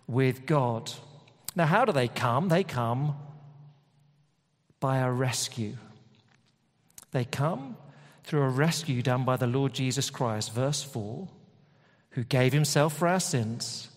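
A man preaching a sermon in a conversational, emphatic way with lots of repetition. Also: mid-range voice. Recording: long hall reverb.

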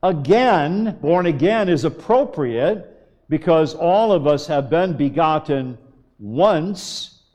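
A man preaching a sermon, slow and emphatic, with long pauses. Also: fairly high pitch, expressive, a little mellow. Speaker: pastor.

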